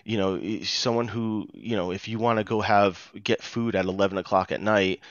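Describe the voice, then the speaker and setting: A man's voice: fairly low pitch, normal speed, no room sound, highs cut off. A man with a Rhode Island accent, a podcast guest telling his story casually and acting out what people said. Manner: chatty, animated retelling with quoted dialogue.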